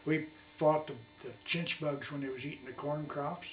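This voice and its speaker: A man's voice: on the high side, fairly even intonation, normal speed. A man in his eighties, a war veteran, telling rambling folksy stories for an oral history interview at his home. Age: 80s. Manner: rambling folksy colloquial storyteller. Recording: echoey room, distant mic, faint hum.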